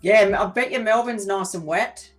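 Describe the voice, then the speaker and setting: A woman's voice: mid-range voice, moderate pace, soft background music. Friendly Australian woman co-host. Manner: friendly, brief interjections, invites viewers to subscribe. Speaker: co-host of a live tarot reading stream. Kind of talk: casual live-stream chat.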